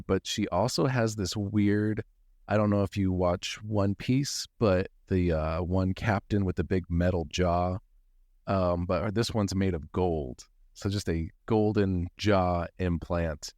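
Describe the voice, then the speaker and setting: A man's voice: sits low, fairly even intonation, takes it slowly, darkish tone, dry recording, clean studio sound. A man playing in an improvised tabletop role-play, talking casually, joking and swearing in character. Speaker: player.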